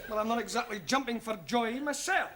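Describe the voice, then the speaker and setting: An actor playing an exasperated young English teacher in a 1970s sitcom. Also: male voice, extremely high pitch, fairly quick, pushed and bright. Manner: exasperated, patient, explaining. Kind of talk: 1970s studio sitcom acting. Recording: noisy old TV soundtrack.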